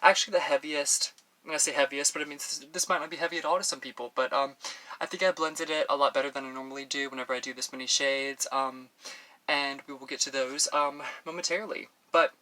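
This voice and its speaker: A man from Texas rambles casually to camera as he does his makeup, talking in a slightly high, bright voice full of fillers and restarts. He is recorded on a professional mic. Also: steady tone, fast. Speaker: beauty vlogger. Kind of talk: casual chat while doing makeup. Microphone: professional audio on camera.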